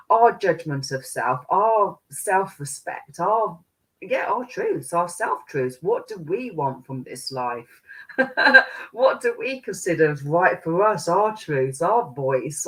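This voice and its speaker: A woman channels spirit guides in a loose, meandering way. Her talk keeps slipping into chanted light-language syllables and easy laughter. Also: lowish voice. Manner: rambling, laughs often, drifts into chanted syllables.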